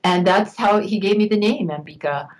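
Older woman guest, reflective storyteller, mid-pitched voice. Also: normal speed, rough recording. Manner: warm reminiscing with laughs. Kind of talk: interview storytelling.

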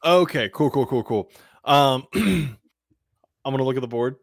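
A man's voice: medium pitch, measured pace, creaky, dry recording, clean studio sound. A man playing a tabletop game, joking and fidgety, often laughing. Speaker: player. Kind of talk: casual tabletop play.

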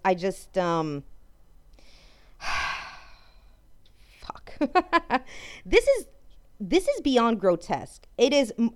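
A woman's voice: fairly high pitch, fairly bright tone, clear, resonant tone. A woman host ranting in anger, swearing a lot and breaking off mid-sentence as she talks. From France. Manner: angry, profane ranting. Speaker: podcast host. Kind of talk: ranting monologue.

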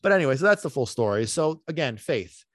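A man hosting a podcast, telling a long story in an animated, rambling way that swings between loud bursts and muttered asides. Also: mid-range voice, fast talker, dry recording, studio quality. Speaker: podcast host.

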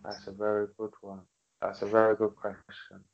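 Laid-back English man, low voice. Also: moderate pace, vocal fry, lo-fi sound. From England. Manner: relaxed, laughs easily, hesitant restarts. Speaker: guest rapper. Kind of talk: casual chat.

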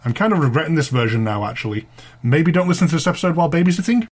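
A man's voice: fairly high pitch, lively intonation, racing, soft background music. A man hosting a podcast, narrating a spooky childhood tale with a chatty, dryly amused manner. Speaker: podcast host and storyteller.

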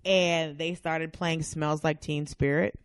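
Animated woman telling stories, very dry sound. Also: sits low, takes it slowly, clean tone, no room sound. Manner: animated storyteller, acts out quotes loudly. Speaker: guest. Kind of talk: casual chat.

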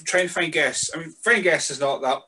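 Bright-voiced podcast host. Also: male voice, a little high, brisk, slightly rough. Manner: easygoing, sweary, hesitant with fillers. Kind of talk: casual podcast chat.

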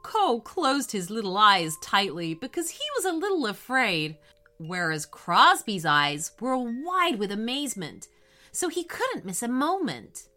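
A woman narrating a children's storybook in an expressive, unhurried way. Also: on the high side, soft background music.

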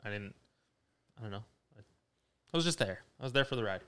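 Brief: young male podcast co-host, clear voice, animated and swearing a lot in casual chat. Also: lowish voice, quick pace. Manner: profane, animated storyteller.

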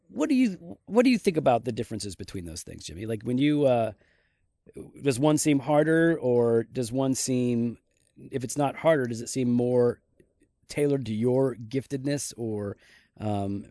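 A man's voice: mid-range voice, expressive, moderate pace, dark tone, no echo, clean studio sound. A man co-hosting a casual church podcast, rambling and self-deprecating, often trailing off into a mumble. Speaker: podcast co-host, pastor.

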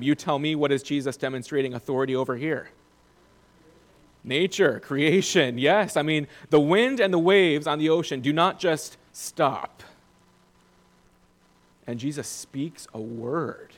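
A man's voice: medium pitch, unhurried. A man preaching a Bible recap, reading scripture aloud and then asking his listeners questions.

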